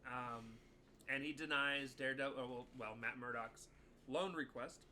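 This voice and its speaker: A man walks through an episode's plot beat by beat on a podcast, with plenty of ums along the way. His voice is bright and forceful, and faint background noise sits under it. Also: medium pitch, moderate pace. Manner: plot-summarizing, steady, many ums. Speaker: podcast co-host. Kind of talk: casual episode recap.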